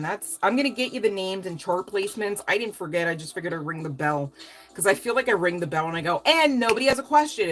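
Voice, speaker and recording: A woman's voice: fairly low pitch, a bit bright. A woman doing a casual tarot reading to camera, rambling, chatty and emotional, with some casual swearing. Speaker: tarot reader.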